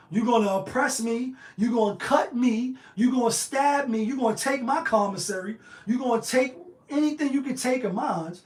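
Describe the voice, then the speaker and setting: A man hosting a livestream, delivering a profane, fiery monologue. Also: very high-pitched. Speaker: livestream host. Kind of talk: heated monologue. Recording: echoey room.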